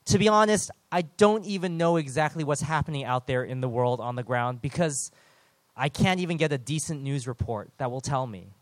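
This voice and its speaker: A man's voice: fairly high pitch, a little fast, a bit bright, no room sound. A man preaching an earnest, conversational sermon with self-deprecating asides.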